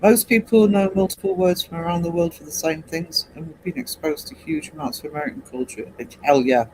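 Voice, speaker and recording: An English man in his fifties hosting a casual late-night livestream, rambling and hesitant with many pauses. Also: a little high, steady tone, a little mellow, a little hiss or hum, poor audio. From England. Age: 50s. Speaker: livestream host.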